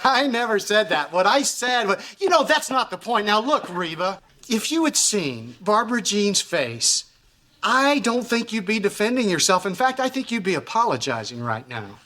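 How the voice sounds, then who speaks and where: An actor playing a middle-aged ex-husband in a sitcom who smooths things over awkwardly. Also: male voice, sits high, big pitch swings, normal speed, pushed and bright, heavily acted. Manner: soothing, awkwardly placating. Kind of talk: sitcom acting.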